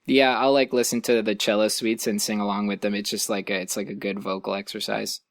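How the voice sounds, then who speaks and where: Soft-spoken young man, low voice. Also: flat delivery, a little fast, vocal fry, no echo, clean studio sound. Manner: modest, laughs often, trails off quietly. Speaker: podcast host. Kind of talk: casual chat. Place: sitting on the floor of his room.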